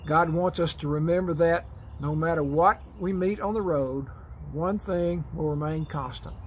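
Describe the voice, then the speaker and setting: A man with a somewhat high voice teaches a church Bible lesson from prepared notes. He is folksy and throws in dry humorous asides. There is a faint hum of noise behind him. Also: normal speed, poor audio.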